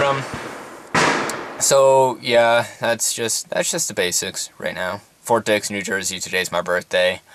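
A man's voice: deep voice, very noisy. A young man in his twenties, a soldier, rambling casually with lots of fillers in a vlog, sitting in a parked van. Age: 20s. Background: distant rifle fire.

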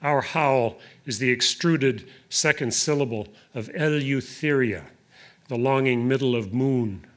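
A man voicing a proud wild male wolf who longs for freedom, in a slow, solemn recitation. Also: mid-range voice, lightly acted.

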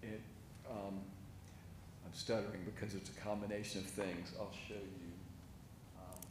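A man presenting a site plan at a city review meeting, halting with many fillers and restarts. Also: lowish voice, level tone, noisy background. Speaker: project presenter. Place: city meeting, remote or chamber.

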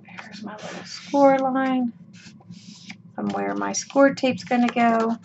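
Taking things slowly, a woman with a slightly high voice walks viewers through a craft tutorial in a casual, folksy way. Her voice sounds worn out, she fills gaps with ums and okays, and the recording is dull lo-fi with noticeable room noise.

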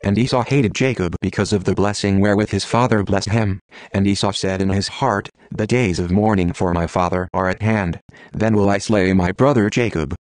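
A synthetic male text-to-speech voice reading scripture in an even, measured way. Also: lowish voice, no room sound. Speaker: Bible reader.

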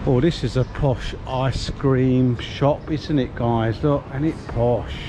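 A man gives a chatty, upbeat walking tour outdoors, talking to viewers as he strolls along a resort street with a camera and keeps calling them "guys." His mid-range voice is slow with fairly even intonation, and street traffic noise is clearly audible behind him.

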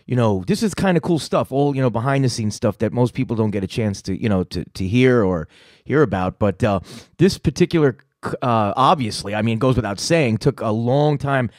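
A man hosts a podcast in loose, rambling chat, cussing freely and laughing at his own stories. His voice sits mid-pitch and close, with a dry, dead sound. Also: expressive, a little fast, darkish tone, no room sound. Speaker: host.

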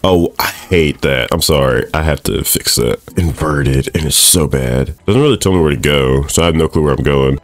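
Deep-voiced young man reacting to a game. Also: normal speed, hardly any pauses, dry recording, faint music behind. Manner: excitable, swears and laughs often, talks to the screen. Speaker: gaming streamer. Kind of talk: let's play commentary.

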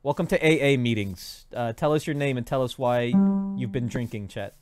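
A young man casually streaming a building game, rambling, cracking self-mocking jokes to his chat and counting out loud under his breath. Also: mid-range voice, moderate pace, over loud music. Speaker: gaming streamer. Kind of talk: casual live-stream commentary while building.

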